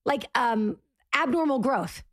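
A woman's voice: a little high, animated. A woman co-hosting a podcast, chatting casually about reality TV in a slangy, chatty way. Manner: chatty, slangy, quick to agree. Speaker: podcast co-host.

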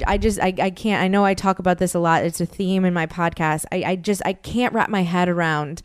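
Woman in her 30s venting on her podcast, low-ish smooth voice, restarts a lot. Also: no echo, studio quality. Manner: emotional, self-deprecating, many restarts. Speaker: podcast host. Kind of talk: candid personal monologue.

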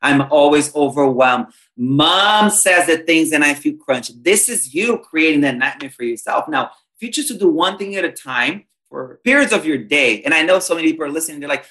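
A man's voice: a little high, lively intonation, moderate pace, hardly any pauses, sharp tone. A man, a spiritual teacher, talking as a podcast guest in an earnest, emphatic, teacherly way. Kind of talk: podcast conversation.

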